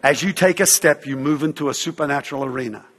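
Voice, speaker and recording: A man preaching and telling a story, animated, acting out the voices of others and using fillers like "uh" and "you know". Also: fairly high pitch, quick pace, in a large hall. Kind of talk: sermon storytelling.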